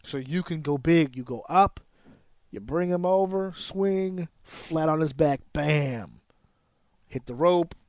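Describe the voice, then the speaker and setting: A man's voice: on the high side, normal speed, a little mellow, no echo, clean studio sound. A man, a wrestler hosting a podcast, explains in a casual, profane monologue, counting out rhythms with sound effects.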